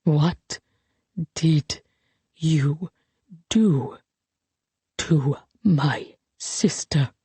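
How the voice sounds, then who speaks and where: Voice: mid-range voice, measured pace, dark tone, no room sound, natural voice. A narrator voicing an elderly woman who snaps accusations with bitter fury. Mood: cold. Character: furious elderly woman confronting old enemy.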